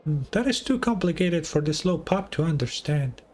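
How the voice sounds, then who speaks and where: A man's voice: a little high, lively intonation, normal speed, faint music behind, pitched above the performer's own voice. A man voicing a small, chirpy talking pup companion from a game, with a sweet, eager, bouncy manner.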